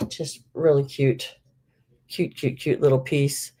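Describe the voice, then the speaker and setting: A woman's voice: a bass voice, level tone, slow, warm tone, slightly rough. A middle-aged woman hosting a live vintage sale, chatting casually with many fillers and laughing at herself. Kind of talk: casual live-stream selling.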